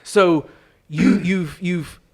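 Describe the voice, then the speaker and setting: A man's voice: sits high, steady tone, drawn-out words, a little mellow. A man playing an interviewer in an improv comedy podcast, heated, sweary and confrontational.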